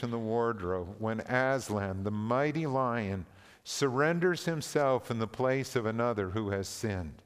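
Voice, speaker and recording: A man preaching a sermon, reading a story and scripture aloud in a slow, earnest, deliberate manner. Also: medium pitch, clean tone. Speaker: pastor. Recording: long reverb of a large hall.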